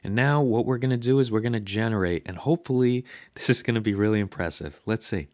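A man hosting a software tutorial, talking casually and enthusiastically over his screen recording. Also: on the low side, quick pace, dry recording, studio quality. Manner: chatty, enthusiastic, conversational. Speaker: tutorial host.

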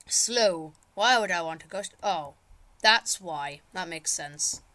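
A British woman hosts a let's-play with a bright, sharp-edged voice. She yelps and shouts whenever her run goes wrong. Between the outbursts she tosses off jokey, mock-dramatic insults at the screen. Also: lowish voice, slow pace. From Britain. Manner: excitable, yelping and shouting at in-game mishaps. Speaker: gaming channel host. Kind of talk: casual let's-play commentary.

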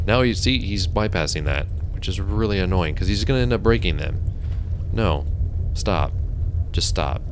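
A man's voice: deep voice, noisy background. A man casually commenting on his own gameplay, muttering to himself and getting exasperated with the characters he controls. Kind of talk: casual let's-play commentary. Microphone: desk mic on a stand.

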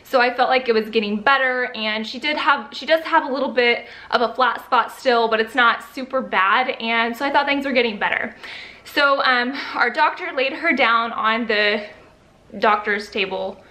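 A young first-time mom talks casually to her vlog viewers in a bright, forceful, fairly high voice at a normal pace. She's chatty and uses lots of fillers, sometimes getting emotional and teary.

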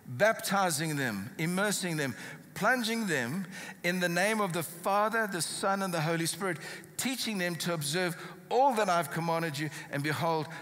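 A South African man preaches and reads scripture to a congregation, leaning hard on key words. His voice is bright and a little high. The sound carries a long church-hall echo. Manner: emphatic preaching, reads scripture aloud with rising stress. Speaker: pastor. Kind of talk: sermon.

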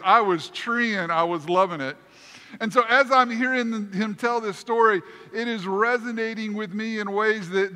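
Bright-voiced pastor in a reverberant church. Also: male voice, high-pitched. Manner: animated, self-deprecating storyteller. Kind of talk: sermon storytelling. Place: church sanctuary.

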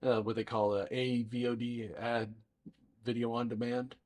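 Laid-back young filmmaker chatting. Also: male voice, mid-range voice, moderate pace. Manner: relaxed, rambling with restarts. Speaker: co-host, independent filmmaker. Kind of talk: casual podcast chat. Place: indoor dining room.

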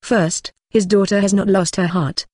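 A synthetic narrator voice with a flat, mechanical delivery that even reads out punctuation marks. It sits at a middle pitch and sounds close and dry, with no room sound. This is a web-novel audiobook reading. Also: normal speed, no echo.

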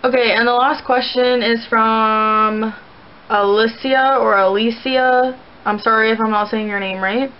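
Young woman, slightly high voice, casual rambling vlog chat, muffled recording. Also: little pitch movement, normal speed, hardly any pauses, slight background noise. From Canada. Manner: rambling, chatty, many "like" fillers. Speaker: vlogger answering viewer questions.

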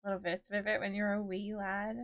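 A young woman in her twenties chats casually on a live stream. Her voice sits at an everyday middle pitch, and her talk rambles with lots of "like" and "dude". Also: flat delivery, a little fast, lo-fi sound. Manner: chatty and rambling, full of "like" and "dude".

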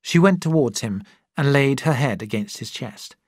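A narrator reading a story slowly and clearly for English learners. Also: mid-range voice, lively intonation, a little mellow, dry recording, clean studio sound.

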